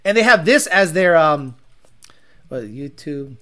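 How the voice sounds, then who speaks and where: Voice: mid-range voice, lively intonation, measured pace, fairly bright tone. A livestream host reading viewer comments and ranting about car tuning with profanity and mockery.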